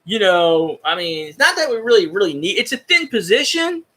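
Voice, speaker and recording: A man hosting a casual sports chat, rambling and profane like an excited fan. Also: high-pitched, normal speed. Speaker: podcast host.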